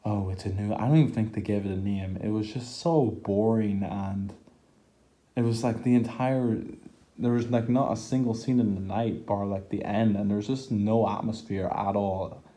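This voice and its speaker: A man's voice: fairly low pitch, fairly even intonation, normal speed, dark tone. A young man giving an exasperated, profane film review rant, full of filler words and groans of disgust. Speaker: movie reviewer.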